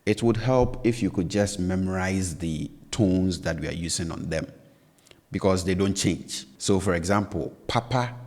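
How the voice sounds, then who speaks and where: Deep-voiced man teaching a language lesson. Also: moderate pace, a little mellow, in a large hall. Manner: patient, repeats points with "all right?" and "you know". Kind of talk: explaining tones in a language lesson.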